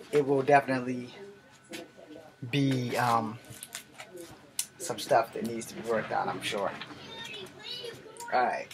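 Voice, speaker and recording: Very low-voiced woman, rambling and self-deprecating. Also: poor audio. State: emotional. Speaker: amateur songwriter. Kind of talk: casual spoken asides between songs.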